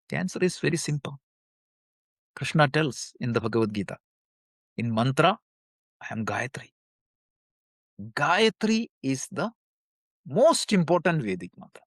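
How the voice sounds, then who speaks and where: A man's voice: mid-range voice, no echo, studio quality. A man teaching a live study class, who poses questions and answers them himself and recites verses in between.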